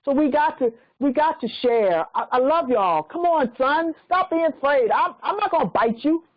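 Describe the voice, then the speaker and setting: High-voiced woman pleading on a call. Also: lively intonation, moderate pace, no room sound. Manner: pleading, repetitive, emotional. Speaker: teacher leading a group call. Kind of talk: religious study call. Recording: dry, muffled online call audio.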